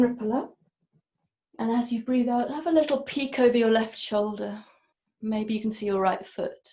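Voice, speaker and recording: A woman yoga teacher talks a class through breath and movement in a slow, soft cadence. Her voice is mellow and dark, and it rings in an echoey room. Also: fairly high pitch. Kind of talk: guided yoga class instruction.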